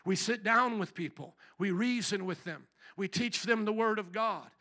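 A middle-aged man preaching a sermon as pastor, fiery and often shouting as he builds. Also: sits high, normal speed. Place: church sanctuary.

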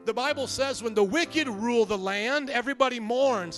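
A man with a fairly high voice preaches to his church, animated and storytelling, slipping into little acted voices. Soft music sits faintly behind him. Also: normal speed. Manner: lively storytelling, acts out quoted voices. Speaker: pastor. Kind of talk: sermon.

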